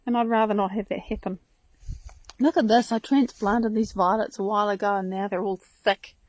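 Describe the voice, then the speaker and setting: A woman's voice: mid-range voice, fairly even intonation, fairly quick, a little mellow, dry recording. A woman hosting a casual live stream from her front garden outdoors, chatting in a rambling, enthusiastic way into a handheld phone.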